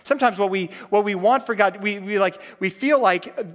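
A man's voice: high voice, fairly quick, fairly bright tone. A man pastor giving a conversational sermon, earnest, often restarting and repeating words mid-phrase. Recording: long reverb of a hall.

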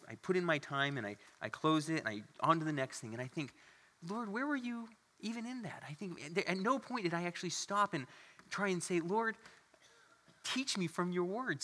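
A man's voice: fairly high pitch, sharp tone. A man preaching a sermon as pastor, earnest and conversational, with asides to the congregation. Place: church sanctuary. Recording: long hall reverb.

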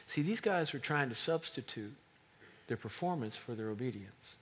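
Middle-aged male preacher, slightly husky, animated sermon delivery with emphatic climbs. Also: medium pitch, normal speed.

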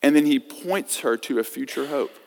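A man preaching a sermon as pastor, swinging from loud emphasis to hushed scripture reading. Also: medium pitch, normal speed. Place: church sanctuary. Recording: long reverb of a church hall.

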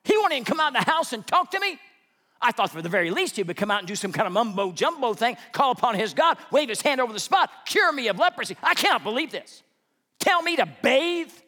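A man's voice: very high-pitched, sing-song, fast, pushed and bright, pitched above the performer's own voice, heavily acted. A man voicing an indignant, proud army commander who rants about being disrespected. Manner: ranting, offended, self-important.

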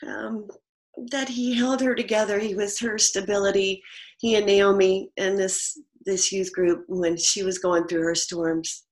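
A woman's voice: mid-range voice, fairly even intonation, a little slow. A woman from a church community giving a grateful farewell message over a video call, on the verge of tears. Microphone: video call mic.

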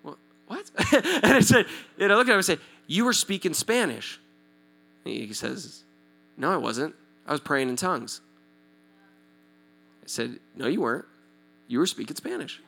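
A male pastor in his thirties from Southern California, telling a story in a sermon, animated and acting out the voices of the people in it. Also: on the high side, moderate pace, gravelly, pauses often. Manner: animated, acts out quoted voices, checks in with the audience.

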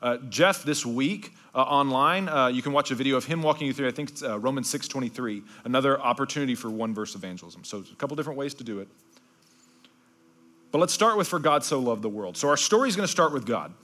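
A male pastor giving a conversational sermon, dropping to slow, hushed passages for emphasis and adding asides like "okay?". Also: medium pitch, expressive. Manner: swings between bright emphasis and hushed, slowed-down passages.

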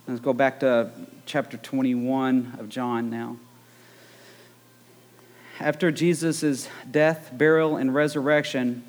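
A man preaching a conversational sermon, retelling the story with joking asides. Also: medium pitch.

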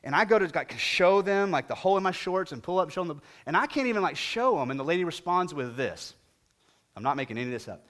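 A middle-aged male pastor delivering a sermon, his voice sitting a bit high. He tells stories with animated, humorous energy, climbing in pitch and volume at the punchlines before settling back to the point. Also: fast talker.

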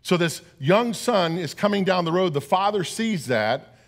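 A man's voice: high-pitched, animated, a little slow. A middle-aged man preaching a sermon as pastor, earnest and often repeating words as he talks.

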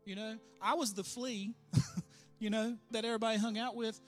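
A man's voice: high voice, fairly even intonation, moderate pace, faint music behind. A man in his fifties sharing a conversational personal testimony in church, reminiscing about growing up. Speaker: church member leading prayer. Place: church sanctuary.

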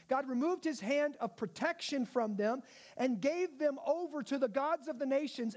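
A man's voice: very high-pitched, darkish tone. A male pastor giving a conversational sermon, often checking in with his listeners. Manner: conversational, asks the audience questions.

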